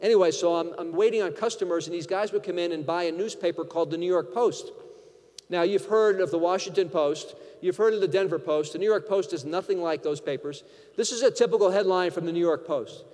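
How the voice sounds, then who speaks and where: A man from Connecticut giving a keynote speech, telling a lively anecdote and acting out the dialogue. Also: sits high, a little fast. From Connecticut, USA. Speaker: keynote speaker. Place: large conference hall. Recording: long hall reverb.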